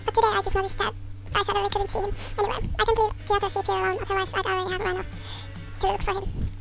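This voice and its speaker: A woman reading an anxious shepherd's game lines aloud in a squeaky put-on voice, with game music under her. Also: completely flat delivery, very fast, creaky. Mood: worried. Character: anxious shepherd missing a lamb.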